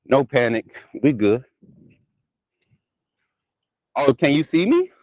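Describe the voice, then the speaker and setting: A man's voice: mid-range voice, wildly swooping pitch, moderate pace, darkish tone, no echo, low-quality recording. A man hosting a live sports talk stream, chatty and laughing often as he talks straight to his viewers. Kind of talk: casual live-stream chat.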